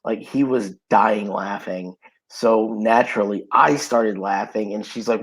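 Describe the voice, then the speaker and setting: A man's voice: on the low side, normal speed, slightly rough, rough recording. A man co-hosting a casual podcast, telling stories in an easygoing way with lots of fillers. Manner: relaxed storytelling, many fillers. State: has the hiccups. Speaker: podcast co-host. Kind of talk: casual chat. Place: home.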